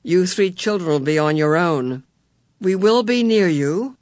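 A man voicing a kindly, motherly supernatural woman who speaks gently and reassuringly to children. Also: sits high, unhurried, dry recording, studio quality. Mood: gentle reassuring.

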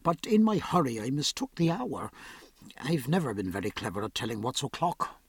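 A grave, earnest gentleman who weighs his words, read by a male audiobook narrator. The husky voice moves in lively pitch turns over a dry, close sound. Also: no echo, heavily acted. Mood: apologetic. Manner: grave, measured. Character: earnest, thoughtful man. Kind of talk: audiobook character voice.

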